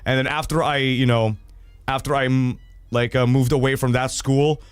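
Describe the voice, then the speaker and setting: A young adult man hosting a casual livestream, reading viewer stories and reacting in an animated, rambling way with lots of fillers and swearing. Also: mid-range voice, normal speed, smooth, no echo, soft background music.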